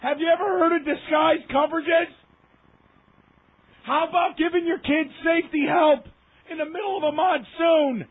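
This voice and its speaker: A man's voice: very high-pitched, fairly even intonation, normal speed. A man delivering an impassioned, emphatic sports rant, repeating himself for effect. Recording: tinny phone line.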